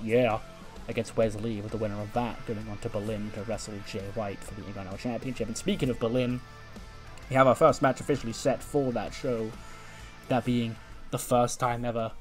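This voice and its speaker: A man's voice: on the low side, darkish tone. Chatty man recapping a wrestling game. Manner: chatty recap, frequent laughs and fillers, swears. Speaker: gaming YouTuber. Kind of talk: casual let's-play commentary.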